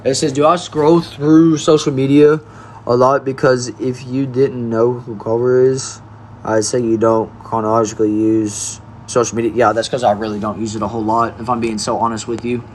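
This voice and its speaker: A man's voice: mid-range voice, level tone, moderate pace, darkish tone, a little hiss or hum. A young man hosting a casual livestream, reading chat messages aloud and answering them in an easygoing way.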